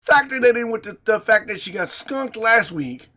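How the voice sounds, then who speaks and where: Brief: male podcast co-host, bright voice, lively swings in pitch, loose casual chat. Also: moderate pace. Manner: animated storyteller, crude, laughs often. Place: home studio.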